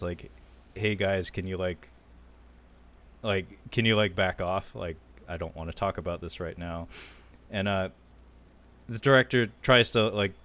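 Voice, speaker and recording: A man co-hosting a film podcast, retelling a documentary in casual chat and acting out quotes. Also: sits low. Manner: animated storyteller, acting out quotes with loud bursts and laughter. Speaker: podcast co-host.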